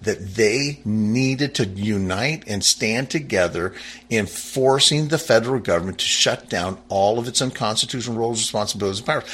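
A husky man delivering a fervent political monologue, his voice climbing sharply when he grows angry and dropping low when he goes quiet. He talks emphatically, stumbles into restarts, and keeps circling back to reread his text. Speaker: political commentator. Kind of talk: impassioned monologue reading from a founding text.

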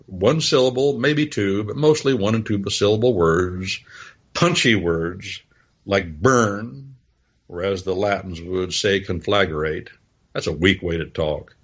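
A man's voice: low-pitched, fairly bright tone, breathy edge, muffled recording. A man preaching and teaching on scripture in a folksy, rambling way, telling stories and spelling out words letter by letter.

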